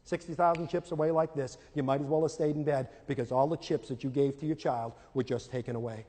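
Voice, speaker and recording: Man, middle-aged, high voice, live lecture, animated storyteller, acts out scenes, long hall reverb. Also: quick pace. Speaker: speaker on parenting and teaching.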